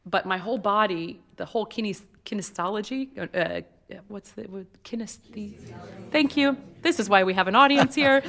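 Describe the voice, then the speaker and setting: A woman opera singer explaining her craft in an onstage interview, talking in an expressive, animated way. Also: mid-range voice, moderate pace. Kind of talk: onstage interview before an audience.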